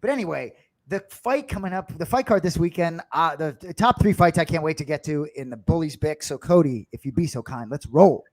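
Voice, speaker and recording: A man's voice: fairly high pitch, expressive, a little fast, darkish tone, a little hiss or hum. A middle-aged man with a Boston accent, hosting a podcast in casual chat and rambling off on jokey tangents. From Boston area. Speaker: podcast host.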